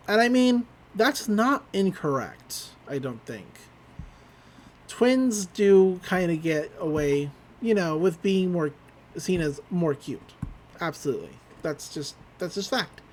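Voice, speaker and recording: High-voiced man recapping a cartoon. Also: expressive, slow pace. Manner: laughs often, chatty with fillers. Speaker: podcast host. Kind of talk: casual episode recap.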